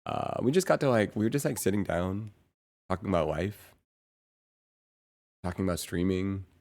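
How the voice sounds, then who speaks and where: A man streamer chatting casually to his viewers, rambling and halting, with lots of fillers and restarts. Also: low voice, expressive, darkish tone. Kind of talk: casual live-stream chat.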